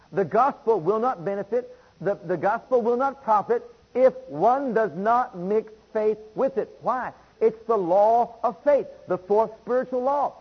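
A man's voice: high voice, breathy edge, lo-fi sound. A man preaching a sermon, driving home points by repeating phrases and reading scripture aloud.

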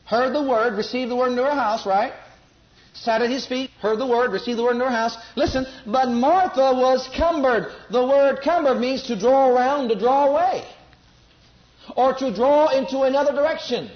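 Preaching a sermon in a very high-pitched voice, a man speaks fairly quickly, repeating phrases and asking the congregation questions. It's a slightly muffled lo-fi recording with a roomy sound.

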